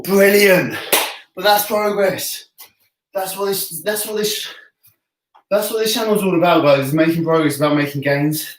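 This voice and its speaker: A fitness coach leads a home workout class from a room in his house, chatting and joking while catching his breath between sets. His voice is a little high and sounds far from the mic, off-mic in an echoey room.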